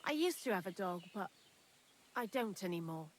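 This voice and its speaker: A woman's voice: medium pitch, sing-song, moderate pace, a little hiss or hum, natural voice. A woman voicing a talkative young woman hiding out in a thieves' lair in a video game, candid and dryly morbid. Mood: chatty. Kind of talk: game character dialogue.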